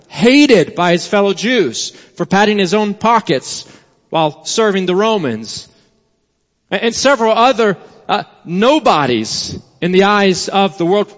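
A pastor preaching a sermon, emphatic and repetitive, then dropping to a quiet storytelling tone. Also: male voice, high-pitched. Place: church sanctuary. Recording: long church reverb, dull sound.

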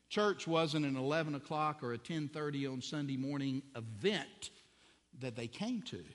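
A man preaching a sermon who climbs to loud, high emphasis at key points. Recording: long reverb of a large hall.

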